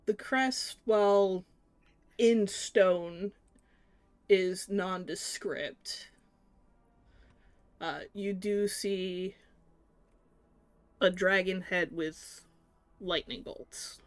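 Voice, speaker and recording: A woman narrates as game master at a slow, deliberate pace. Her voice sounds close and dry, with no room sound. She describes scenes and rules on the players' attempts. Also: mid-range voice, smooth, dry recording, faint music behind.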